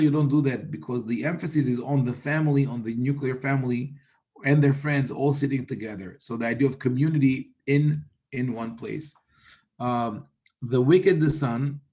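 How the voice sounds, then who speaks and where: A rabbi explaining religious texts in a thoughtful, unhurried teaching manner, often restarting sentences and quoting Hebrew. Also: male voice, medium pitch, gravelly, darkish tone.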